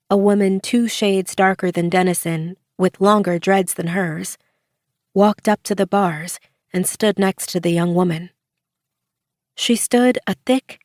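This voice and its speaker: A woman narrating an audiobook in a measured way, giving the characters soft voices. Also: mid-range voice, no echo, studio quality.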